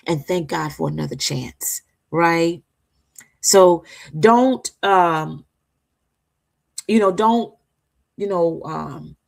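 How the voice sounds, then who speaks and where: A woman with a slightly low voice delivers an inspirational faith talk to her listeners. She preaches in a loose, conversational way, repeating herself for emphasis and checking in with "right?" Her manner is warm-hearted encouragement rather than formal sermon. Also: creaky. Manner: emphatic, repetitive, seeks agreement with "right?". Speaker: talk show co-host.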